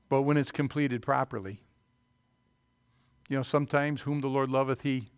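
A middle-aged man preaching a sermon as pastor, swinging from loud emphatic bursts to quieter asides and light teasing. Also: mid-range voice, fairly even intonation, normal speed, pauses often, clean tone, no echo, clean studio sound.

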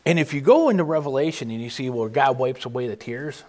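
Man, informal sermon, emphatic, lively pitch, halting restarts. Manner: earnest, emphatic, with frequent restarts and halting pauses. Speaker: preacher.

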